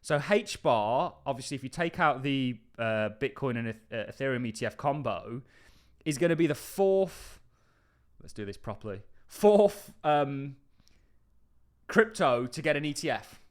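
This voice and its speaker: A man hosting a crypto channel in casual, enthusiastic market commentary. He pushes key points with emphasis and keeps breaking off into quick offhand asides. His voice sits at an ordinary middle pitch for a man.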